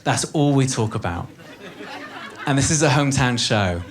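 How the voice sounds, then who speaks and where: A man's voice: mid-range voice, lively intonation, moderate pace. A man in his thirties with a Welsh accent doing a stand-up set, chatty and swearing, working the crowd from a club stage. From Wales. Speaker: stand-up comedian. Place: comedy club stage with live audience. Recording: live club recording with audience noise.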